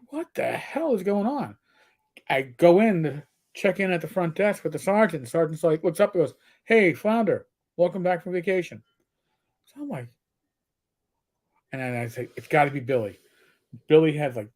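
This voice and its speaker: A middle-aged man, a former police officer co-hosting a livestream, telling blunt, profane stories in casual chat. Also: fairly high pitch. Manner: blunt storyteller, swears freely.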